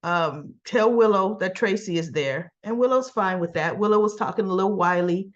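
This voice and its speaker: A woman's voice: mid-range voice, moderate pace, muffled recording. A woman casually recapping a soap opera episode in a chatty way, with fillers and laughs.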